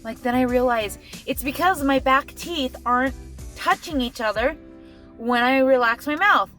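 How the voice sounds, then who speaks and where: A woman's voice: high-pitched, normal speed, a bit bright, faint music behind. A middle-aged woman talking casually to camera in a family vlog, chatty and emotional, full of "like". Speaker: family vlogger. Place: in her car, then at home.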